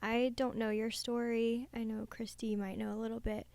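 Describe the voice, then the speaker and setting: A woman hosting an interview, asking her guest questions in a gentle, tentative way. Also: on the high side, little pitch movement, moderate pace, creaky, no room sound. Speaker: podcast host.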